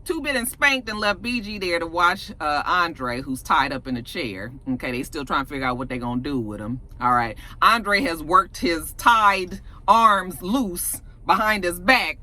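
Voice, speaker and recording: A woman casually recapping a TV episode in an animated, profane way, often acting out the characters' lines. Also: fairly low pitch, moderate pace, few pauses. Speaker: TV episode reviewer.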